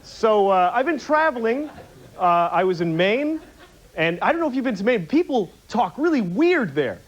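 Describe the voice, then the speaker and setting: A man's voice: sits high, big pitch swings, moderate pace. A man doing a stand-up routine on a TV studio stage, with a rambling, mock-indignant observational delivery. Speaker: stand-up comedian. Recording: muffled TV broadcast with audience noise. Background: studio audience.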